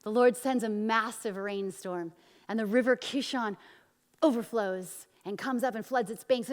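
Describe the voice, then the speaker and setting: A woman pastor delivers a storytelling sermon in a mid-range voice. She leans into the quotes, rising loud and then dropping soft. Her voice carries a long reverb from the church hall. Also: moderate pace. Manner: animated storytelling, acting out quotes with big swings of pitch and loudness.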